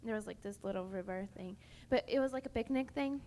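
A woman's voice: medium pitch, brisk, darkish tone. A young woman on a youth panel telling a personal story in a chatty way, full of "like". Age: young adult. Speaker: panel speaker. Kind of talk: testimony to a youth audience. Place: large hall at a youth camp. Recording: echoey hall, faint background noise.

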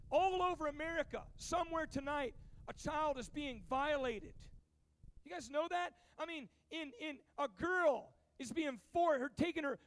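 A man preaching an urgent sermon to teenagers at a youth camp, stumbling and repeating words as he pushes on. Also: extremely high pitch. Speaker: pastor. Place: large hall at a youth camp. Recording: reverberant hall.

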